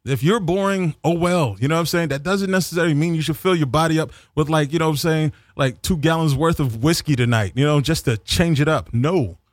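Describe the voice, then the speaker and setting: A man's voice: a little high, brisk, few pauses, no echo, studio quality. A man ranting in a mocking comic way, rambling with many fillers and restarts, and slipping into voices for the people he quotes. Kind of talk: comedic political rant.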